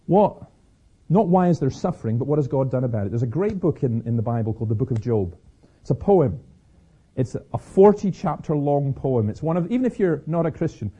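A man's voice: medium pitch, dark tone, slightly rough, dull audio. A man giving a Christian talk, telling personal stories with frequent restarts and repeated words. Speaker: Christian speaker.

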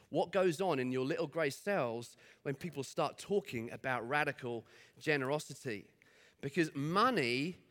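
A male pastor delivering a sermon in church, chatty and story-driven. His voice sits a little high and rings bright and forceful.

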